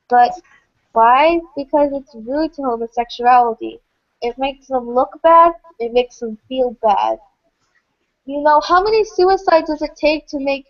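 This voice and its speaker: Stumbling, hesitant woman on a lo-fi stream. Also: high voice. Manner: hesitant, stumbling over words, apologetic. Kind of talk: casual livestream chat. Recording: dull lo-fi home stream audio.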